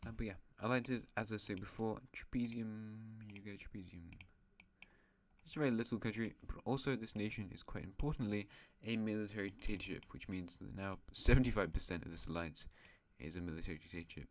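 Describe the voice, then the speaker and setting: A man's voice: lowish voice, steady tone, fast, few pauses, a little hiss or hum. A man hosting an alternate-history map series, narrating in a rambling, chatty way with self-mocking asides. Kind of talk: casual map-game commentary.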